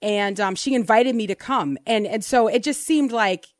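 A woman's voice: fairly high pitch, moderate pace, no echo, clean studio sound. A woman in her thirties co-hosting a faith podcast, telling her story in a reflective, earnest way. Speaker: co-host. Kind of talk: casual faith podcast conversation.

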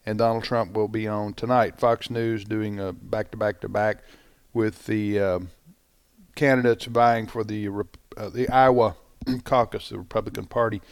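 A man's voice: fairly low pitch, little pitch movement, normal speed, clean tone, no room sound, clean studio sound. A man hosting a live radio talk show, chatting casually with many fillers and restarts. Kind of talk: casual live studio chat. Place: radio studio.

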